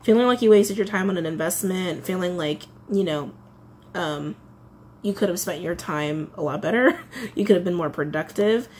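A woman's voice: on the low side, animated, normal speed, darkish tone, a little hiss or hum. A woman giving a casual tarot reading, chatty, often repeating her phrases. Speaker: tarot reader.

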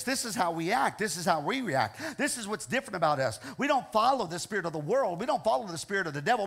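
A man's voice: sits high, fairly bright tone. A man with a Midwestern American accent preaching a sermon as pastor, earnest and repetitive, often checking in with the congregation. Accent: Ohio, American Midwest. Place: church sanctuary.

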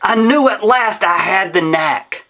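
A man's voice: high-pitched, expressive, a little slow, bright, forceful tone, slight background noise. A man reading a rhyming children's story aloud in a rhythmic, sing-song way. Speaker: storybook reader.

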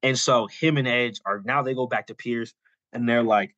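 A man's voice: mid-range voice, normal speed, a bit bright, no room sound, lo-fi sound. Rambling man telling a story, dry sound. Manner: loose and rambling, full of "like" and "you know"; acts out quoted lines in passing. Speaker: podcast co-host. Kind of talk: casual storytelling on a podcast.

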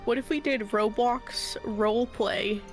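A woman's voice: on the high side, fairly even intonation, measured pace. A woman chatting playfully with a friend while they play a game together. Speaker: co-player friend. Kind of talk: casual gaming chat. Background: loud game music.

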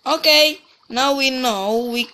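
Slow-talking woman narrating her gameplay. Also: high voice, pushed and bright. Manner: rambling, restarts and trails off mid-sentence. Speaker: let's play gamer. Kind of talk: casual gameplay commentary.

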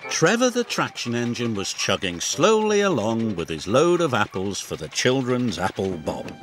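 A man narrating a fan-made toy-train story in a slow, expressive storybook manner. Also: mid-range voice. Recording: clear music behind the voice. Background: music.

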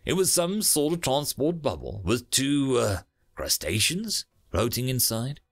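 A man narrating a sci-fi short story as an audiobook, telling it dramatically with small pauses. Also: medium pitch, big pitch swings. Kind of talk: scripted narration.

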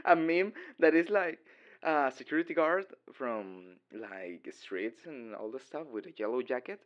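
A man's voice: medium pitch, animated, unhurried, highs cut off. Giggly young man. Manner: giggly, rambling, dorky. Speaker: boyfriend in audio role-play. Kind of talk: casual voicemail role-play.

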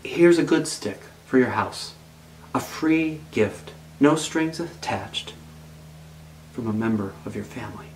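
A man's voice: on the low side, expressive, brisk, few pauses, darkish tone, a little hiss or hum, close to an everyday voice, poor audio. A man voicing Barrington, a sad little bunny. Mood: kind. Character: small lonely male bunny, gentle and sad.

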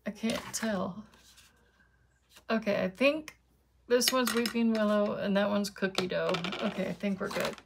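A woman's voice: medium pitch, steady tone, measured pace, vocal fry, noisy background. A woman chatting casually to her viewers while she demonstrates card making at her craft desk.

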